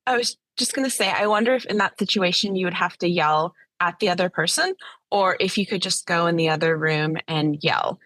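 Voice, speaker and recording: A woman's voice: lowish voice, brisk, a bit bright, no echo. A woman guest on a recovery talk show, speaking candidly and reflectively.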